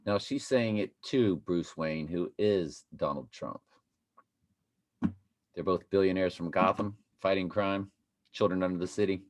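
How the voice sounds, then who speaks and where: Guy with a real low voice, rambling commentary at viewers, stops and starts a lot. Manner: rambling, halting, speaks to viewers as y'all. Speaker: commentary video host. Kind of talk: casual commentary over clips.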